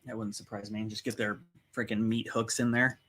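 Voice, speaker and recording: A woman co-hosting a casual livestream chat, teasing her partner with quick interjections. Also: a bass voice, little pitch movement, fairly bright tone, breathy edge. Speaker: co-host.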